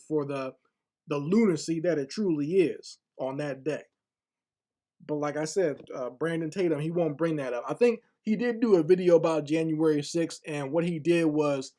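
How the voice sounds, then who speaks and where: A man's voice: on the high side, darkish tone. Blunt, scornful male commentator. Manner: blunt, scornful, repeats words as he thinks. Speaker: online commentator. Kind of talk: casual spoken commentary.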